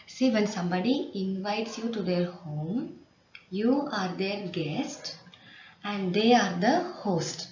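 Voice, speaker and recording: A woman teaches slowly and patiently, reading a story aloud and stopping to explain words. Her voice sits in an echoey room, and the recording is dull with a faint hiss behind it. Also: mid-range voice, animated, a little mellow.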